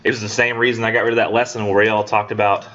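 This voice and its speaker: A man's voice: fairly low pitch, level tone, very fast, fairly bright tone. A man lecturing his college English class in a loose, joking, rambling way, slipping into voices for his students. The sound is dull and lo-fi, with a faint hum of the room behind him.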